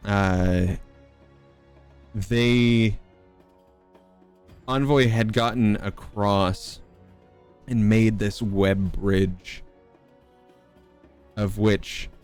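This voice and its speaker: A man running a tabletop game as game master, narrating in a halting way with many fillers. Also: fairly low pitch. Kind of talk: casual chat and game narration.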